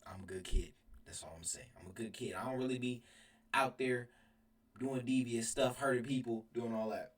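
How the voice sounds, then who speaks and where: Young guy, rambling animated storyteller, sits back from the mic in an echoey room; casual storytime vlog. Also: mid-range voice, moderate pace. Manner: rambling, animated, laughs mid-sentence. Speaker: storyteller vlogger. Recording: roomy sound from a distance.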